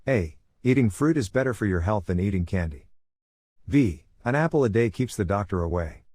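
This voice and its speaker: A man's voice: on the low side, lively intonation, normal speed, a little mellow, no room sound, studio quality. A man giving an emphatic, commanding audiobook reading of his own self-help text. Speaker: audiobook narrator.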